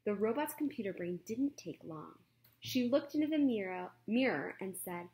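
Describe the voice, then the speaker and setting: A woman reading a children's book aloud in an expressive, playful way, correcting her own slips as she goes. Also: medium pitch, unhurried. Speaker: reader.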